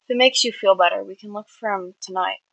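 A woman reading the lines of a relaxed, reassuring fatherly man. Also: medium pitch, quick pace, creaky, dry recording, lo-fi sound.

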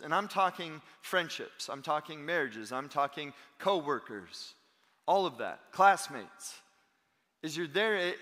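A man in his thirties, a pastor preaching a sermon in animated storytelling style. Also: a little high, long reverb tail. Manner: animated storytelling, acting out quotes. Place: church sanctuary.

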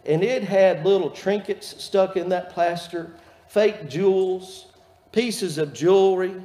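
A man's voice: high-pitched, slow, mellow. A man, a pastor preaching a sermon in a folksy, earnest storytelling manner. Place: church sanctuary. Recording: echoey church hall reverb.

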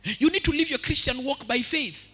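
A young Kenyan man preaching a story-filled sermon in a lively way, switching between English and street slang and acting out the voices in his story. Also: very high-pitched, moderate pace. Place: large church hall. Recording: echoey hall with long reverb.

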